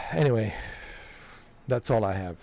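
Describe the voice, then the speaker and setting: Speaking slowly in a low-ish, creaky, slightly mellow voice with lively intonation, this man vents on his game livestream. The chat is a casual rant, heated and profane, full of "man" and "dude" as he pounds his points home.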